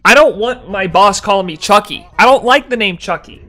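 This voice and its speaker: A man's voice: sits high, expressive, fairly quick, pushed and bright, soft background music. A young man chatting casually on a live stream, reading chat aloud and answering in mock annoyance, laughing between lines.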